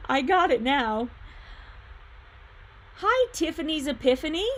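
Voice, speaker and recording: Chatty woman livestream host, brightish voice. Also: sits high, big pitch swings, slow pace, long pauses. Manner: chatty, thinks aloud while fiddling with her screen; laughs easily, hums filler sounds. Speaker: livestream host and quilt shop owner. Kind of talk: casual livestream chat reading viewer comments.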